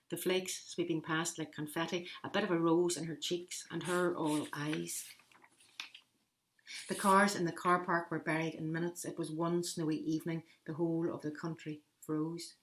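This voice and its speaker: A woman's voice: fairly low pitch, little pitch movement, normal speed, lightly acted. A woman poet voicing a plain-spoken Belfast woman, telling a story bluntly in an attempted Belfast accent. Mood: matter-of-fact.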